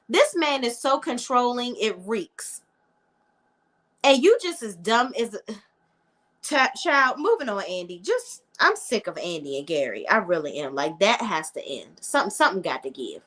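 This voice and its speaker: A woman's voice: a little high, sharp tone. A woman recapping a TV episode in a casual, sassy, blunt way, acting out what the characters say. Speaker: TV recap commentator.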